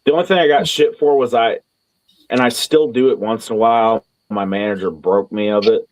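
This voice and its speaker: A man's voice: on the low side, a little fast, dry recording. A man and podcast co-host, telling laid-back stories in casual chat and swearing freely.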